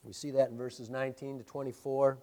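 A middle-aged man preaching a sermon, swinging between loud, emphatic declarations and quiet, hushed storytelling. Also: medium pitch, flat delivery, brisk. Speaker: pastor.

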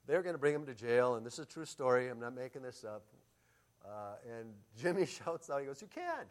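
A middle-aged man pastor preaching a sermon, telling stories and moving between loud emphasis and quiet asides. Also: mid-range voice.

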